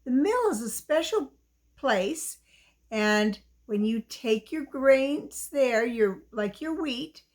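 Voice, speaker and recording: Slow sing-song woman telling a children's story. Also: sits high, expressive. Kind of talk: reading a children's story aloud.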